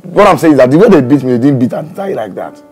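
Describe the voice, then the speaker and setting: A man's voice: on the high side, expressive, quick pace, a little mellow, slightly rough, soft background music. A man with a Nigerian accent co-hosting a casual chat, insistent and laughing as he argues his point. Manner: insistent, laughs while arguing. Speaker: podcast co-host.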